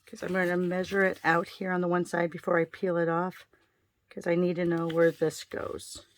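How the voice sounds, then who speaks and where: A woman's voice: on the low side, little pitch movement, normal speed. A woman giving a casual card-making tutorial, chatting her way through each step as she works.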